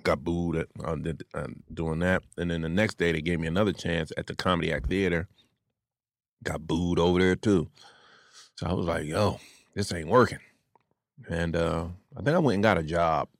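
Comedian guest, male, deep gravelly voice, dry close sound, lively storyteller. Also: normal speed, no echo. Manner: animated storyteller, acts out quotes, laughs often. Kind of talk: casual storytelling chat.

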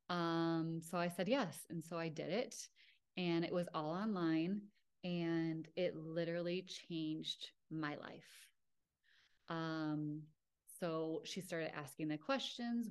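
A young adult woman hosting her own podcast, telling a personal story in a casual, chatty way with lots of fillers. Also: lowish voice. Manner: chatty, filler-heavy, lively with acted-out quotes. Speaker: podcast host.

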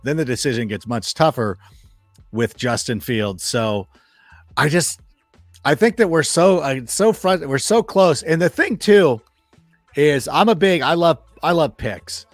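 Animated man telling sports stories in a studio. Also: on the high side, a little slow, no room sound, faint music behind. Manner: animated storyteller, acts out quoted remarks, swears freely. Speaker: guest football analyst. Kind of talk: casual sports chat.

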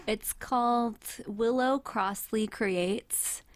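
A woman's voice: a little high, very slow, dry recording. A woman co-hosting a podcast in casual chat, bubbly and enthusiastic, giggling often. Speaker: podcast co-host.

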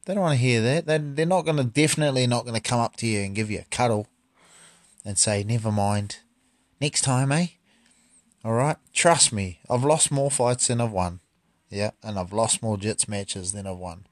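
A martial artist talks in a blunt, swearing, emphatic manner. His pitch sits in an ordinary middle range for a man. The sound is dry, with no room echo. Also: brisk. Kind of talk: casual monologue.

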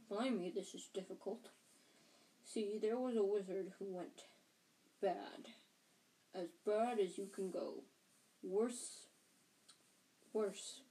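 A woman reading a storybook aloud, voicing a huge, gentle male groundskeeper who speaks low, halting and worried. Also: close to an everyday voice, poor audio.

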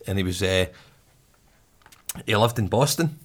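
A man's voice: fairly low pitch, animated, measured pace. A man with a Glaswegian accent telling a story in casual chat, laughing often and swearing freely. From Glasgow, Scotland.

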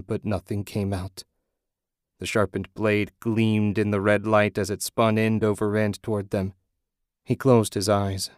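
A man giving steady, measured scripted narration of an audiobook. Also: on the low side, no echo, clean studio sound.

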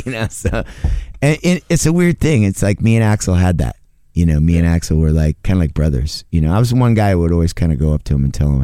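A man's voice: low-pitched, animated, moderate pace, dark tone, dry recording. A middle-aged man telling rock touring stories in a laid-back, laughing way. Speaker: guest drummer. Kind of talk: casual interview storytelling.

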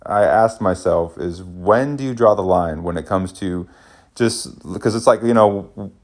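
A man's voice: sits low, measured pace. A man in his thirties, a stay-at-home dad, talking casually and rambling with many restarts as he thinks aloud. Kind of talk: casual parenting vlog.

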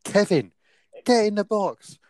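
A man's voice: high-pitched, lively intonation, unhurried, no echo, studio quality, pitched above the performer's own voice. A man barking as a dim football coach. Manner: shouted touchline barks. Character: dim adult male football coach bellowing vague orders.

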